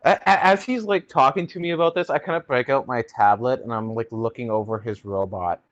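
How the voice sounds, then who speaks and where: A man's voice: mid-range voice, fairly quick, no room sound, highs cut off. A man playing a tabletop role-playing game, talking in a hesitant way and stammering often. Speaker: player. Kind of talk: in-character tabletop role-play.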